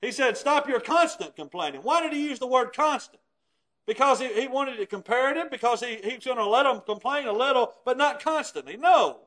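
A man's voice: very high-pitched, fairly quick, fairly bright tone. A man preaching a sermon, teaching scripture in an emphatic, explanatory way with everyday examples.

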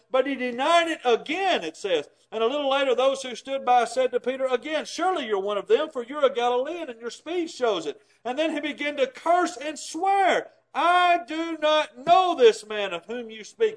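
A man preaching a sermon in a folksy way, with loud emphatic bursts, low quiet asides and chuckles at his own points. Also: rough recording.

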